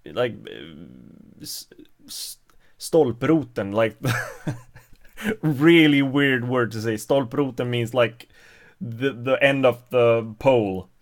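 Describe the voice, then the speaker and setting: Slow, halting Swedish-accented man. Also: medium pitch, lively intonation. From Sweden. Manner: hesitant, many fillers and restarts. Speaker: livestream host. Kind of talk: casual live-stream chat.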